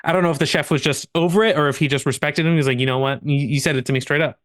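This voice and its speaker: A man's voice: a little high, steady tone, rapid-fire, fairly bright tone. A man co-hosting a podcast, telling a long anecdote casually among friends, full of restarts and laughter. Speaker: podcast co-host.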